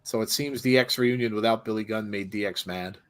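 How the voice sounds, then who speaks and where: A man's voice: lowish voice, fairly even intonation, a little fast, a bit bright. Casual man rambling through live commentary. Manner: rambling, with stammered restarts. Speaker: host of a live wrestling watch-along.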